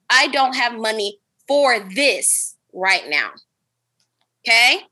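A woman hosting a casual chat, telling a long story in an animated, profane, dramatic way. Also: fairly high pitch. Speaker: podcast host.

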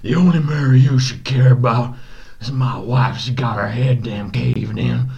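A man voicing a gruff, vengeful male cowboy gunslinger in an improvised western role-play, with a gravelly, profane drawl. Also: medium pitch, moderate pace, darkish tone, natural voice. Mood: furious. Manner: growling, profane, drawling threats. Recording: muffled audio with crowd noise.

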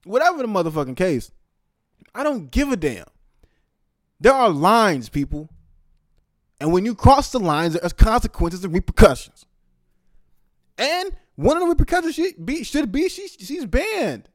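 Brief: young man, casual rant, cursing, dry close mic, voice a bit high. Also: very animated, normal speed, pauses often, no room sound. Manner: profane, heated, swings from loud outbursts to low mumbling asides. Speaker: commentator. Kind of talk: casual ranting commentary.

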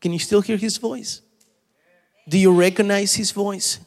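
A man's voice: high-pitched, steady tone, measured pace, vocal fry, a little mellow, in a large hall. A man preaching a sermon, repeating his points with emphasis and asking his listeners questions. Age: adult.

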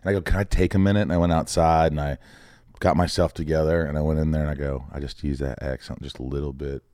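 A man's voice: a bass voice, fast talker, dry recording, studio quality. A middle-aged man from Indiana, a guest telling anecdotes in casual chat and acting out the other people's voices. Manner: animated, acts out voices in anecdotes. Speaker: podcast guest, actor.

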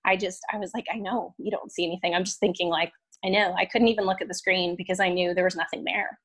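A young woman guest recounting a painful personal experience in casual, halting talk, full of "um" and "like" and restarts. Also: fairly low pitch, fairly even intonation, slightly rough. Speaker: podcast guest; violin teacher.

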